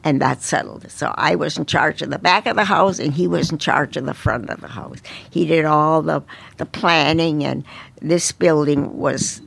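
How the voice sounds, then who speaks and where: Gravelly older woman telling stories. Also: deep voice. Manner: unhurried storytelling with frequent restarts. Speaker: interview guest, restaurant owner. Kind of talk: casual interview reminiscence.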